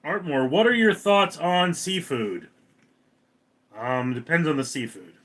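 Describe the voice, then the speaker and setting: A man's voice: on the high side, animated, a little slow, a bit bright. A man hosting a casual live stream, reading viewers' comments aloud and answering them in a dry, self-deprecating way.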